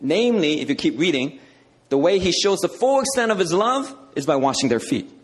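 A male preacher works through scripture in a relaxed, conversational teaching sermon. He leans on words for emphasis and keeps checking in with his listeners. His voice sits a little high for a man. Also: a little fast. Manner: conversational, emphatic, repeats "okay".

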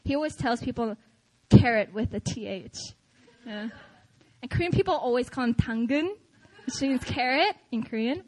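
A woman pastor giving a chatty, animated sermon, telling stories and often laughing. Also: fairly high pitch, fairly quick, poor audio. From United States. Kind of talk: sermon with personal storytelling.

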